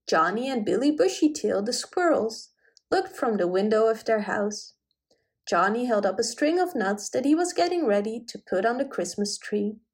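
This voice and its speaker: A woman reading a children's animal story aloud in a gentle, measured way. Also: on the high side, very animated. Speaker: narrator.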